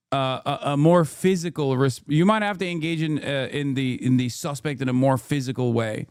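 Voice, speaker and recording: A man talks over news clips in a blunt, indignant way, cursing as he goes. His voice sits a little high for a man, and the sound is close and dry, with no room around it. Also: a little mellow, smooth, no room sound. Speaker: streamer commenting on news clips. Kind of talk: casual political commentary.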